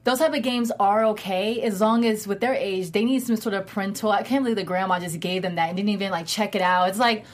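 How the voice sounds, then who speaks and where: A woman's voice: mid-range voice, steady tone, fast talker, few pauses. Chatty woman thinking aloud. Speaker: podcast co-host. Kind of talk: casual group chat about a TV show.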